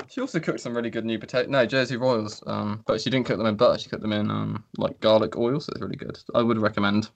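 A man's voice: lowish voice, steady tone, fast, vocal fry. A man co-hosting a podcast, chatting casually in a sweary, self-mocking, rambling way. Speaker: podcast co-host. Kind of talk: casual chat.

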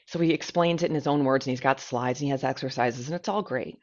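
A woman co-hosting a podcast, telling a story in a chatty, animated way with plenty of fillers. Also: very deep voice, fast. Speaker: podcast co-host. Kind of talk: casual storytelling chat. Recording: dull lo-fi podcast audio.

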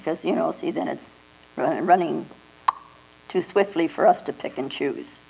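Older woman, Zen teacher, unhurried dharma talk, gravelly low voice, old tape with mains hum. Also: dark tone, poor audio. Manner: slow, reflective, with frequent "you know" and "huh?" asides.

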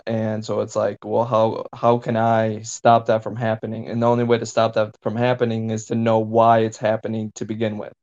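A podcast host with a lowish, monotone, slightly mellow voice talks at a moderate pace, barely pausing. He's laid-back in casual chat, swearing offhandedly and filling gaps with "you know". The audio sounds dull and lo-fi.

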